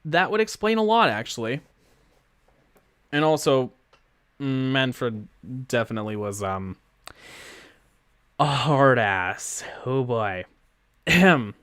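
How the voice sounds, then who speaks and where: A man's voice: mid-range voice, expressive, slow pace, long pauses, a bit bright, clean tone, no room sound. A man casually chatting and rambling while streaming a game, giggling often, on a close microphone. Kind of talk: casual gameplay commentary. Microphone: close mic with pop filter.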